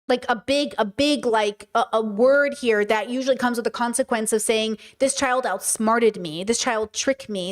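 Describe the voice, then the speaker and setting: A woman hosting a casual livestream, talking emphatically with rhetorical questions and answering her chat. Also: fairly high pitch. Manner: many fillers and restarts, rhetorical questions. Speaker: streamer and podcast host.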